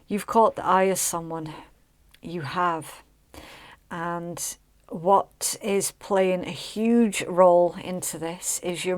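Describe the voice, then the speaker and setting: A woman talks through a tarot reading in a slow, deliberate way. Her voice sits a little low and she keeps checking in with the listener. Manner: chatty, emphatic, checks in with "okay?" and "right?". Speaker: tarot reader. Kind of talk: casual tarot reading to camera.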